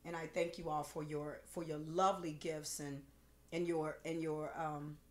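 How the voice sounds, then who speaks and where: A woman's voice: low voice, little pitch movement, moderate pace, darkish tone. A woman hosting a cooking livestream, chatting casually, with gushing, rambling thanks full of fillers, emotional and close to tears. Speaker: cooking show host. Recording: roomy echo with faint music.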